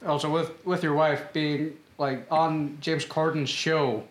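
An Icelandic man co-hosting a podcast, chiming in with relaxed, teasing asides in casual chat. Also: fairly high pitch, measured pace. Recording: roomy echo.

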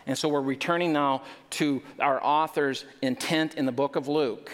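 A man's voice: mid-range voice, fairly even intonation, normal speed, few pauses, a bit bright. A man preaching a sermon as pastor, emphatic, with joking asides and building intensity. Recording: long reverb of a large hall.

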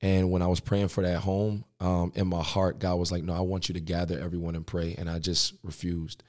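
Young male pastor guest, very low voice, casual slangy storyteller. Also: flat delivery, a little fast, darkish tone. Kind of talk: storytelling interview.

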